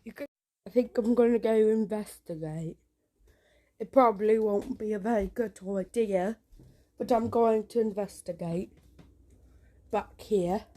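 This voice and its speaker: Nervous, hushed young woman with a mellow voice. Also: medium pitch, unhurried, pauses often. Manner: nervous, hushed and rambling, with casual swearing. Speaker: vlogger. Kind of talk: casual handheld vlog. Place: small home indoors at night.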